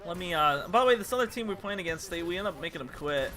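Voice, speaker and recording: A man's voice: sits high, lively intonation, fast talker, noisy background. A young man telling stories over gameplay in a rambling, casual way. He often restarts his sentences and trails off. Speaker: gaming channel host.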